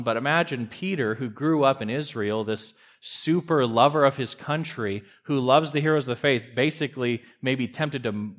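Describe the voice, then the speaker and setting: Pastor, male, mid-pitched, earnest sermon delivery with emphatic rises and quiet drops. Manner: earnest preaching, emphatic rises and drops, occasional stammered restarts.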